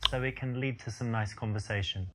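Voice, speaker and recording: A man's voice: medium pitch, steady tone, a little fast, very noisy, close to an everyday voice. A man playing a male dating coach who explains what to say, in an instructive, scripted tone. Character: calm male dating coach giving advice. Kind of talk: scripted game commentary.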